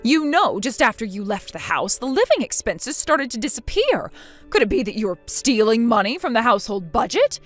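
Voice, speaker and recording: With faint music behind her, a synthetic woman's voice voices a spiteful, bossy older mother-in-law in a text-chat story. Her mood is demanding as she scolds with contempt, using a lively pitch at normal speed.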